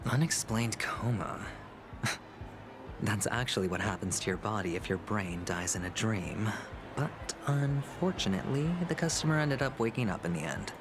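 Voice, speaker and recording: An actor playing a smooth, teasing young male gambler in a game, his inner thoughts sometimes whispered. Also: lowish voice, lively intonation, moderate pace, close to an everyday voice. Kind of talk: game voice acting. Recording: game audio over clear music.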